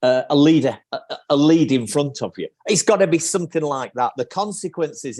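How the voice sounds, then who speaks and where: Animated male video-call guest. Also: mid-range voice, a little fast, few pauses. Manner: thinks aloud with restarts and acted sales lines. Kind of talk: live video-call interview.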